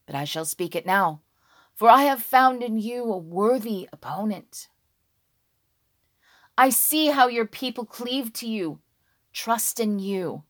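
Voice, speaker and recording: A woman voicing an old, lonely female dragon who speaks slowly and solemnly in a told story. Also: medium pitch, no room sound, studio quality. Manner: slow, solemn and measured.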